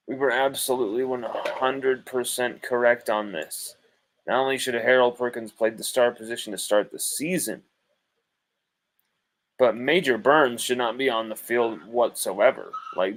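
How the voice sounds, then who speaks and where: A man's voice: mid-range voice, fairly bright tone, poor audio. Heated, profane male sports host. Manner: heated, profane, repeats his points for emphasis. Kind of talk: live postgame commentary.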